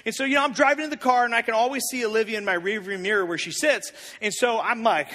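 A man in his thirties telling a personal story in a sermon, animated and confessional, with big swings in volume. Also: very high voice, quick pace, in a large hall.

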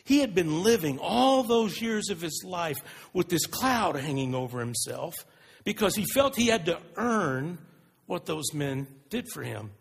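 High, lively male preacher in echoing hall. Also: a little slow, gravelly, husky. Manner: earnest storytelling, animated. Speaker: pastor. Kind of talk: sermon. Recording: long reverb of a large hall.

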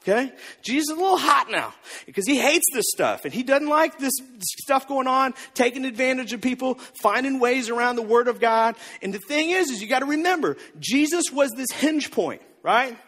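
A male pastor preaching a sermon with joking asides and lively storytelling. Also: very high voice, normal speed. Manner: animated storytelling with jokes and asides. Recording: long reverb of a large hall.

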